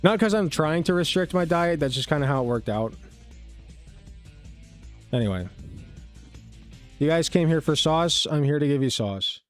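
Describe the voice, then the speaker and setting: A man's voice: fairly high pitch, animated, normal speed, long pauses, soft background music. A man hosting a casual reaction stream, rambling, swearing, and interrupting himself. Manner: rambling, profane, self-interrupting. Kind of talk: casual commentary.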